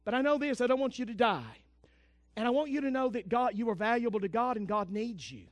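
A man preaching a sermon as pastor, fervent and swinging from loud declarations to hushed, intense asides. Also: extremely high pitch, brisk, dry recording.

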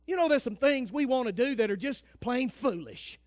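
Fervent high-voiced preacher man. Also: lively intonation, fast, hardly any pauses, no room sound, studio quality. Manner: fervent preaching, swings from loud to hushed. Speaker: pastor. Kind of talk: sermon.

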